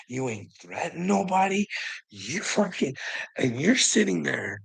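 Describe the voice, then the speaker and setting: An agitated man vents straight to his audience, swearing heavily and laughing nervously between thoughts. His voice is gravelly and raspy, with a bright, tense edge. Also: fairly high pitch. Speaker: vlogger. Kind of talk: rambling monologue to camera.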